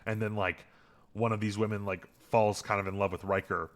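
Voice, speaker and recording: Recapping a TV episode in casual chat, this podcast co-host talks briskly in a lowish voice, filling his rambling with fillers until he gets worked up and animated tearing the episode apart.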